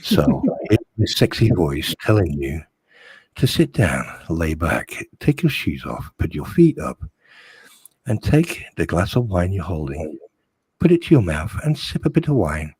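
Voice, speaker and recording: A man's voice: sing-song, a little mellow, slightly rough, no room sound, full character voice, low-quality recording. A man putting on a mock sexy purr. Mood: mock seductive. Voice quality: low, drawn-out purr. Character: mock seductive man taunting a troll.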